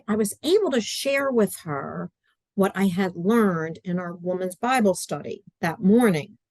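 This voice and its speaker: A woman's voice: medium pitch, darkish tone, no room sound. Earnest middle-aged woman telling a story. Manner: earnest, chatty, acts out quotes. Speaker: guest, adaptive curriculum writer. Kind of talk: casual interview storytelling. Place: at home in a study.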